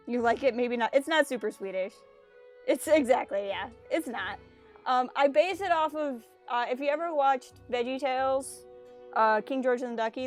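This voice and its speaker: A woman's voice: on the high side, normal speed, faint music behind. A woman streaming a story game, reading its text aloud and joking about it in casual, self-mocking chat.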